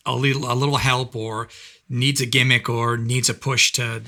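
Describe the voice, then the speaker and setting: A man co-hosting a casual podcast, talking in a halting way and repeating words as he thinks. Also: medium pitch, flat delivery, pushed and bright. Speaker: podcast co-host.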